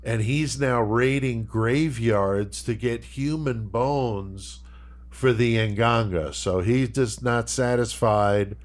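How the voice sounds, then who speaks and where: A man at a middling pitch leads a podcast segment. He tells the story in a loose, conversational way and swears freely as he goes. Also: slow. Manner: loose, profanity-laced retelling. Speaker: podcast host leading the segment. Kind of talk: casual podcast chat.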